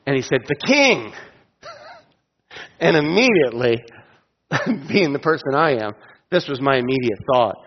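Husky and very animated, this middle-aged preacher's mid-range voice moves unhurriedly with frequent pauses. He tells stories, puts direct questions to the congregation, and laughs softly at his own jokes, captured in a dull recording with long hall reverb.

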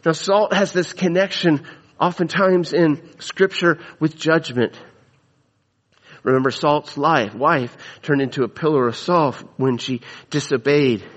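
A man's voice: a little high, unhurried. A man preaching a sermon, emphatic, repeating phrases for stress. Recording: long hall reverb.

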